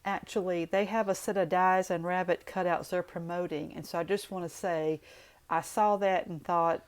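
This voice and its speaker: A woman's voice: on the low side, fairly even intonation, fairly quick, darkish tone. A woman with a Southern US accent talking through a card-making craft tutorial in a chatty, folksy way, full of rambling asides.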